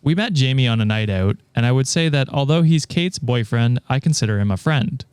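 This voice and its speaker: Man, podcast host, steady reader, smooth voice, dry close sound, laughs easily. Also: medium pitch, brisk, no room sound. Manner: steady reader, laughs often between remarks. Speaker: podcast host reading stories. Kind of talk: reading aloud and casual chat.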